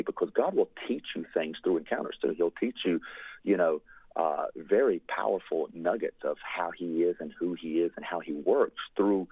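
Man, very low voice, husky, earnest fervent storytelling, tinny phone-like sound, dry. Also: dry recording. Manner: earnest, fervent, with many "you know" fillers. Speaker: guest telling a ministry testimony. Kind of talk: storytelling testimony.

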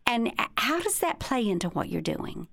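A woman's voice: on the high side, very animated, normal speed, creaky. A woman hosting an interview, affirming and encouraging her guest. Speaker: interview host.

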